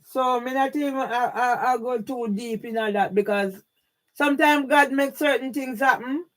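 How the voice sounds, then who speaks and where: A woman with a Jamaican accent ranting on a live stream, emphatic, often shouting and swearing, with frequent questioning tags. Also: high-pitched, moderate pace. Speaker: YouTube livestreamer.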